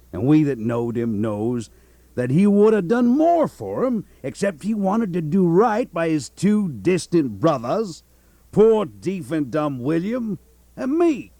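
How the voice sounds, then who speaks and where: An old swindler, radio play, slow and pompous, dark voice that swings all over. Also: male voice, fairly high pitch, no room sound, exaggerated voice. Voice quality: pompous, theatrical preaching delivery. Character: old male swindler posing as a grieving English brother. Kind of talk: radio drama acting.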